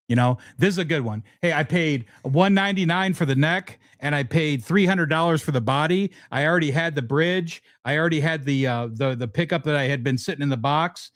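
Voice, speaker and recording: A man's voice: on the high side, a little fast, hardly any pauses, a bit bright, dry recording. A middle-aged man hosting a casual guitar livestream, talking frankly and rambling, with lots of restarts. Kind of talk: casual livestream chat answering viewers.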